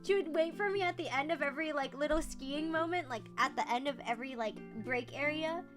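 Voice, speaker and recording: Super high-pitched girl streamer, giggly and bubbly, just chatting, some faint music behind. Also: fairly quick. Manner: giggly, bubbly, swears casually. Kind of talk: casual chat.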